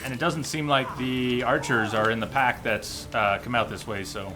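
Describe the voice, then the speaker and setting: A man streaming a game, thinking aloud in casual commentary with sudden loud outbursts. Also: mid-range voice, fairly even intonation, normal speed, music in the background. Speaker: gameplay streamer.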